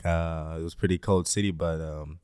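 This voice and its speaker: A man's voice: sits low, fairly even intonation, fairly quick, darkish tone, clear, resonant tone, no echo, clean studio sound. A young man in his twenties from Greece who speaks with an American accent, answering interview questions in a laid-back way with lots of fillers. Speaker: guest, basketball player.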